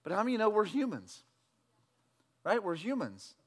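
A pastor preaching a sermon, swinging between loud fervent declarations and relaxed, joking talk with the congregation. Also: male voice, high-pitched, a little fast, slightly rough. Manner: preaching with loud emphatic shouts, then conversational with jokes.

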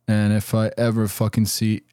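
Blunt, swearing man with a low voice. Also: completely flat delivery, moderate pace, warm tone, smooth, no room sound, studio quality. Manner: profane, blunt, combative. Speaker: podcast co-host. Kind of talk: casual chat.

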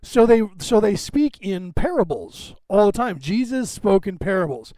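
A man's voice: high voice, very animated, moderate pace, dark tone, dry recording. A man hosting a podcast, talking in a digressive, self-assured casual monologue full of asides and tangents. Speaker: podcast host.

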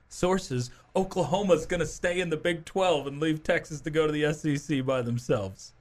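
A man's voice: on the high side, expressive, moderate pace, hardly any pauses, a little hiss or hum. A man hosting a morning sports talk show, chatty, leading the conversation with questions to his co-host. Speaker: fill-in sports radio host.

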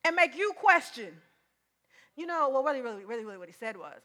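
Woman, preacher, sermon, emphatic, repetitive, conversational, bright forceful tone. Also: high voice, very animated, a little fast.

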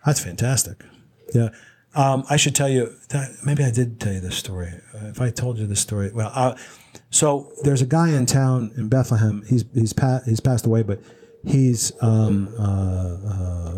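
A man's voice: lowish voice, normal speed, slight background noise. A man co-hosting a casual chat show, telling a long anecdote with restarts and laughs. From Pennsylvania. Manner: rambling, animated storyteller with restarts and laughs. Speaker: podcast co-host.

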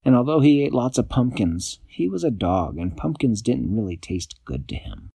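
Animated man telling a bedtime story. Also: medium pitch, normal speed, gravelly, few pauses, breathy edge, dry recording. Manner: animated, playful.

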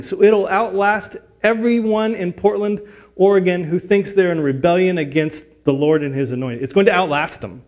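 A man's voice: sits high, moderate pace, a little mellow. A middle-aged man preaching a sermon, earnest and building to emphatic peaks, with frequent restarts. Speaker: pastor.

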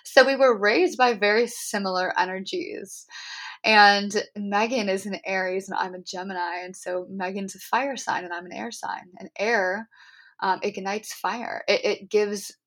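A young woman talks through a deeply personal spiritual experience on her podcast. Her telling is earnest and heartfelt, full of fillers and little restarts as she reaches for the words. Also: steady tone, unhurried, a bit bright. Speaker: podcast host.

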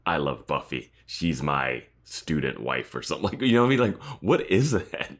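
A man with an extremely deep voice, chatting casually on a podcast as he breaks down an episode. He is wry and analytical, and he chuckles now and then. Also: sing-song, normal speed. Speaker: podcast co-host. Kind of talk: casual chat recapping a TV episode.

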